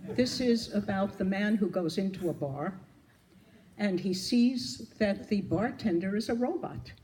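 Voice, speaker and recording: A man telling jokes at a memorial gathering, in a lively storytelling manner with acted-out quotes. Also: sits high, measured pace, low-quality recording. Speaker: memorial speaker.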